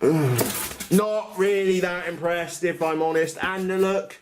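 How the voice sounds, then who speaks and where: An RC model hobbyist vlogger with a voice that sits high talks a little slowly against a noisy background. He gives casual, blunt unboxing commentary on radio-control models, chatty and full of uh fillers, restarts and self-corrections.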